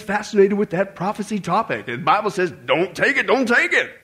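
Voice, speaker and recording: A man preaching a sermon to a congregation, emphatic and animated, with joking asides and repeated warnings. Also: high-pitched, a little fast, hardly any pauses.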